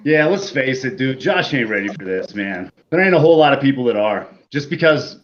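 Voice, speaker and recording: A man's voice: mid-range voice, expressive, fairly quick, a little hiss or hum. Brash, profane man on a lo-fi call. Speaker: guest on a live stream. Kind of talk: casual chat.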